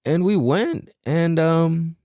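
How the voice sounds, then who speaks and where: A man's voice: a little high, slow pace, warm tone, dry recording, studio quality. A tired young man hosting a casual solo podcast, talking in a laid-back, slangy way with a lot of swearing. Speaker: podcast host.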